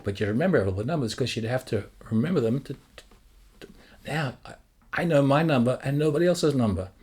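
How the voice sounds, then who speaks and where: A man teaching songwriting in a casual, rambling way, thinking out loud as he works through ideas. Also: mid-range voice, slightly rough. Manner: rambling, thinks aloud, sings lyric drafts. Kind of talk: casual thinking-aloud lesson.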